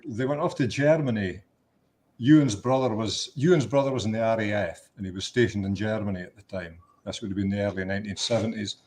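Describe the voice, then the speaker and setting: A man with a Scottish accent, a guest musician telling a long story in a relaxed radio chat, with restarts along the way. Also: fairly low pitch, slight background noise. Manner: chatty anecdotes with restarts, laughing at his own punchline.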